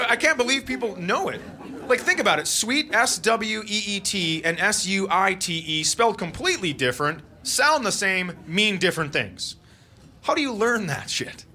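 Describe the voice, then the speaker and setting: A man's voice: high voice, bright, forceful tone. Stand-up guy from minnesota, voice jumps all over, acts out silly sounds. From Minnesota, USA. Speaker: stand-up comedian. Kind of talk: stand-up comedy routine played back.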